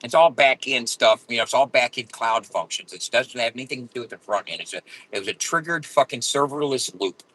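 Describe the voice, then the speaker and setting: A man ranting angrily with constant swearing and loud outbursts while driving in his car. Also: medium pitch, brisk, hardly any pauses, rough recording. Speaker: vlogger. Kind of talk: profane ranting vlog.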